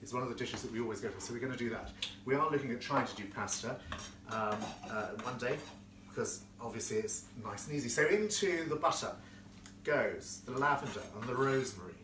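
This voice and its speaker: A man's voice: medium pitch, quick pace, recorded from a distance, noisy background. Chatty camp male host, cooking demo, echoey kitchen a bit off-mic, dishes clinking behind. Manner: camp, effusive, chatty, reads out viewer comments. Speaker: florist hosting a live cooking stream. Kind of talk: casual live cooking demo. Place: home kitchen. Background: clinking cutlery and dishes.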